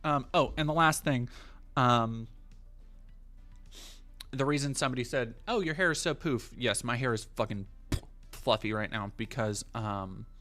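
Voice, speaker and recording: Male streamer, casual and profane, stops and restarts a lot, average pitch. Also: a bit bright. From United States. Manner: rambling, profane, many fillers and restarts. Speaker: livestream host. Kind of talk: casual livestream commentary.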